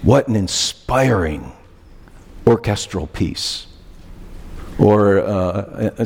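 A man's voice: on the low side, slightly rough. A man preaching a sermon as pastor, emphatic and questioning, repeating key phrases. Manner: animated, questioning, emphatic repetitions. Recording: long hall reverb.

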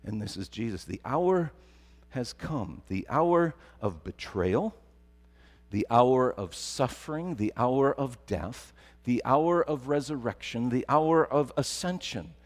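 A man's voice: medium pitch, expressive, takes it slowly. A middle-aged man preaching a sermon, telling stories and building to emphatic repetition. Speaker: pastor. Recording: long hall reverb.

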